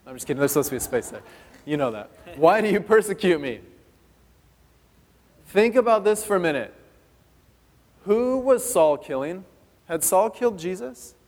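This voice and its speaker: A male pastor from California reads Scripture and preaches at a quick clip, breaking off into chatty asides along the way. His voice sits a little higher than most men's. It carries a long hall reverb, as if the sermon was recorded in a large church sanctuary. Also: sing-song, a little mellow. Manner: fast-talking, conversational asides while reading.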